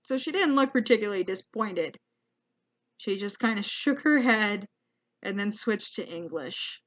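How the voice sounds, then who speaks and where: A woman's voice: medium pitch, lively intonation, moderate pace, fairly bright tone, lo-fi sound. A young woman, a comedian, telling a rambling, self-deprecating travel story as a vlog monologue. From United States. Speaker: comedian vlogger.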